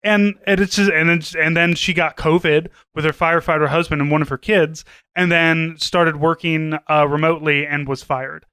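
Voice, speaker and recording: A man's voice: on the high side, steady tone, moderate pace, pushed and bright, clear, resonant tone, no room sound. A man co-hosting a podcast in casual chat, retelling a news story conversationally. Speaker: podcast co-host.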